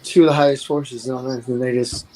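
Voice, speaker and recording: A man's voice: mid-range voice, flat delivery, fairly quick, warm tone, low-quality recording. A man in his forties, a guest on the show, talking in a rambling, earnest way that often trails off. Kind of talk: casual chat.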